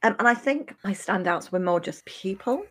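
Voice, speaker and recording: A woman's voice: medium pitch, animated, moderate pace. A woman co-hosting a podcast, talking casually and hesitantly, with many ums as she searches for words. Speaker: podcast co-host. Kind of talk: casual chat.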